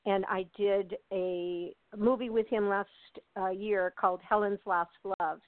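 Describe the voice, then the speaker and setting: A woman's voice: medium pitch, fairly even intonation, unhurried, no room sound. Older woman, interview guest, chatty, laughs a lot, phone-line sound, dry. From United States. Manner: chatty, laughs often, many fillers and restarts. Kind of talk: casual interview chat.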